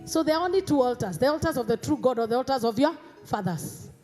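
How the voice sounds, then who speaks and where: A Kenyan woman pastor delivering an emphatic sermon in a church, rising to shouts. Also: high-pitched, lively intonation, fast, faint music behind.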